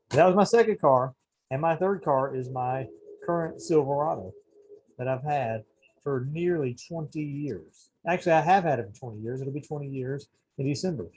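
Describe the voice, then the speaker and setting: A man's voice: a little high, animated, normal speed, a little mellow, husky, poor audio. A man co-hosting a podcast, talking in a rambling, hesitant way, often searching for words. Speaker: podcast co-host. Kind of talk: casual chat.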